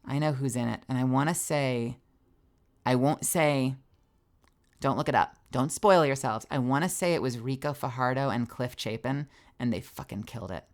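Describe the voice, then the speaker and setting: A woman's voice: extremely low pitch, normal speed. A young woman streamer with a tired, strained voice, chatting animatedly, laughing and swearing freely. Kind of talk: casual stream outro chat.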